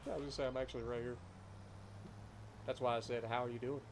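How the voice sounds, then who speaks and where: A man's voice: mid-range voice, little pitch movement, fast talker, background noise. A man from the Ohio foothills with an Appalachian accent, chatting and telling stories while streaming a farming game, enunciating carefully. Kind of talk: casual live-stream chat.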